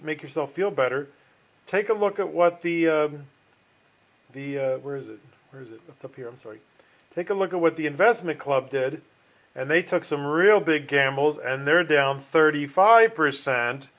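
A man's voice: fairly high pitch, moderate pace, fairly bright tone. A middle-aged man teaching a finance class online, rambling and folksy, with many restarts and fillers. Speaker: finance instructor.

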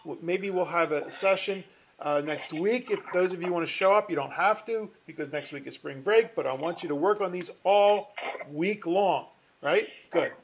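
A man's voice: high voice, normal speed, slight background noise. A middle-aged man teaching a finance class online over a video call, chatty and rambling, often stopping and restarting with fillers. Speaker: finance professor. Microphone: computer mic on a video call.

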